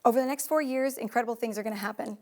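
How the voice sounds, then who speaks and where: A woman candidate in a television studio giving an earnest, slightly halting campaign closing statement. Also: fairly high pitch, a little mellow. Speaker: election candidate.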